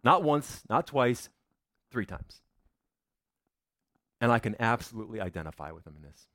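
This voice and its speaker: A man preaching a sermon as pastor, dramatic, dropping to a hush and rising again. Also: medium pitch, sing-song, normal speed, dry recording, studio quality. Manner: dramatic, swings from loud to hushed.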